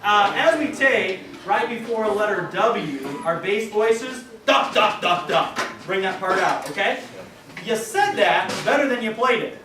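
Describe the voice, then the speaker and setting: A man's voice: sits high, lively intonation, measured pace, a crowd in the background. A man directing a school band in rehearsal, counting off and singing rhythms to the players. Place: large rehearsal room with band. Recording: roomy, distant camera audio with band.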